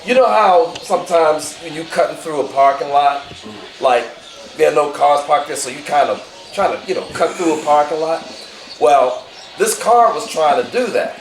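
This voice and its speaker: A man's voice: fairly high pitch, normal speed. A man with a slightly raised voice explains a story step by step and says "you know" often. The room is roomy, with faint noise in the background. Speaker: family member telling a story. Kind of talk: casual storytelling.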